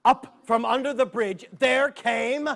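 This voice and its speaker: A man's voice: very high voice, takes it slowly, vocal fry, a bit bright. A man telling a folktale to children at a library event, playful with chatty asides. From United States. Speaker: storyteller. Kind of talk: animated storytelling for children.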